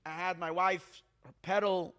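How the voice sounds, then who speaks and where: A man's voice: sits high, steady tone, a little slow, fairly bright tone, clean tone. A man voicing the ghost of a poor young teacher who tells his own story in an earnest, heartfelt way. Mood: wistful. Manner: heartfelt, earnest first-person telling.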